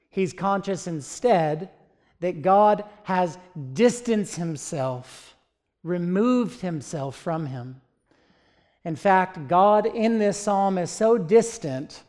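A man's voice: sits high, a little mellow. A man preaching a sermon, earnest and asking his listeners rhetorical questions.

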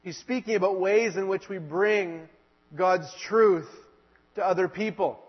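A male preacher giving an earnest sermon, slowing down and pressing hard when he quotes scripture. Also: high voice. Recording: dull lo-fi sound in a reverberant hall.

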